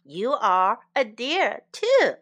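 Woman reading a cocky storybook deer, high and slow, playful swoops. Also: very animated, fairly bright tone, full character voice. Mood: insisting. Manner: matter-of-fact, exaggerated. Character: confident, teasing deer.

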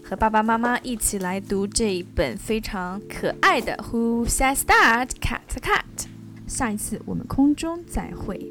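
A woman hosting a children's English reading show, reading a picture book aloud with a child in English and Chinese and stretching out her questions slowly to coax answers. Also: a little high, expressive, a bit bright. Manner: switches between English and Chinese.

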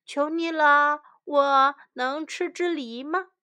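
A woman's voice: high-pitched, takes it slowly, sharp tone, exaggerated voice. A woman voicing a poor but polite and cheerful male beggar in a children's storybook. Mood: pleading. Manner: polite, pleading.

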